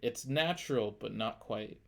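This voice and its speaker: A man's voice: mid-range voice, unhurried, gravelly. A man narrating as game master, loose and full of fillers. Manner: loose, filler-heavy descriptions.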